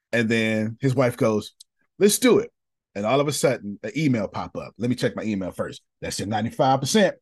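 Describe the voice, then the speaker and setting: A man hosting a podcast, giving an animated motivational talk and calling on people in the room by name. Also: medium pitch, slightly rough, dry recording, studio quality. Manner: preachy, animated, addresses listeners by name. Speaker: podcast host. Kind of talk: motivational talk to a live group.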